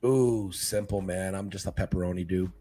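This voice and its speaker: A man who is a guest fishkeeper, chatting casually in an interview with a laid-back, animated manner. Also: deep voice, moderate pace, faint music behind. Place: living in Northern California.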